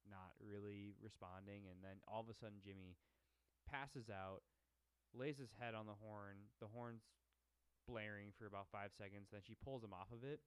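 A man's voice: fairly low pitch, normal speed, smooth, no room sound. A young man co-hosting a casual movie recap, swearing freely and acting out lines from the film. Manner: profane, animated retelling with shouted mock quotes. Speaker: podcast co-host.

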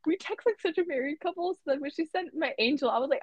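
A woman's voice: high-pitched, animated, fairly quick, hardly any pauses, dry recording, muffled recording. A young woman guest in casual chat, gushing, emotional and playful as she talks about her friend. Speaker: podcast guest.

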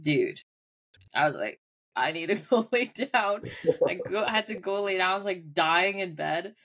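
A woman's voice: fairly low pitch, expressive, moderate pace, fairly bright tone. A woman co-hosting a podcast, telling a story in casual chat and laughing often as she talks. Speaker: podcast co-host.

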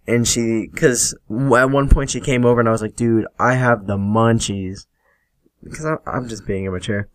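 A man's voice: medium pitch, a little fast, few pauses, dry recording. A young man hosting a podcast, casually telling stories, swearing freely and acting out quoted lines. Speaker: podcast host. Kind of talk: solo storytelling podcast.

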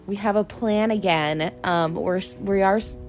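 A woman's voice: mid-range voice, moderate pace, darkish tone, soft background music. A young woman co-hosting a podcast in casual chat, rambling, laughing often and swearing freely. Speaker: podcast co-host.

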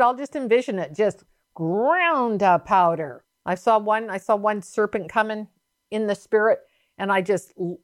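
A woman preaching a sermon in an emphatic, fervent, repetitive way. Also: medium pitch. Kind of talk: sermon teaching.

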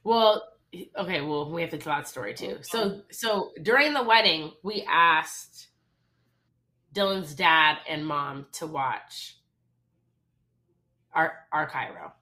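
Young female podcast co-host, bright lowish voice, animated casual storyteller. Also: slow pace. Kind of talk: casual chat.

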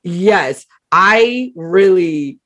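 A woman's voice: on the low side, expressive, extremely slow, fairly bright tone. A woman hosting a casual chat about performing, talking animatedly and expressively and laughing often.

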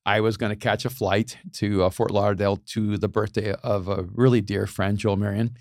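A middle-aged man in a casual conversation, animated, laughing often and repeating words as he starts sentences. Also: lowish voice, a little fast, creaky, no echo, studio quality.

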